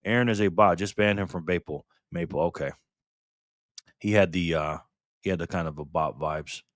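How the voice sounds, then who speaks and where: Chatting casually on his live stream, a cheerful host reads comments aloud and welcomes viewers by name. He speaks at normal speed in a low voice, and the studio sound is clean with no room sound.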